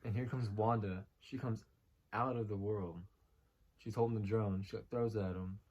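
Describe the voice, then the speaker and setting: A man's voice: on the low side, steady tone, normal speed, darkish tone, husky. A man hosting a casual episode review, recapping the plot in a loose, rambling way full of "like". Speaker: host.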